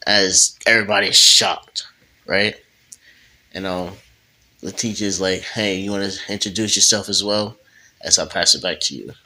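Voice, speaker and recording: A man's voice: sits low, fairly even intonation, normal speed, bright, forceful tone, low-quality recording. A laid-back man casually improvising a role-play story, with slang.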